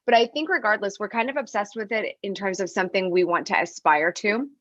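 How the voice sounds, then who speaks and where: A woman's voice: medium pitch, fairly quick, fairly bright tone, no echo, dull audio. A woman hosting a podcast interview, talking in a chatty, rambling way with fillers and restarts. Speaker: podcast host. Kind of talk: casual interview chat.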